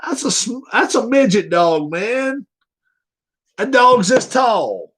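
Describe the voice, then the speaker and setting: A man's voice: very high-pitched, expressive, takes it slowly, a bit bright, slightly rough. A man hosting a casual livestream, blunt, joking and profane. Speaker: livestream host.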